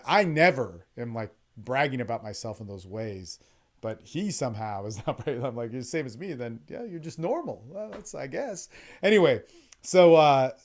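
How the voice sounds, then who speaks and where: Blunt, profane man telling stories. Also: mid-range voice. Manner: blunt, profane, animated, quick-talking storyteller with many restarts. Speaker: dating and men's development coach. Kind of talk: casual storytelling monologue. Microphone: online call recording.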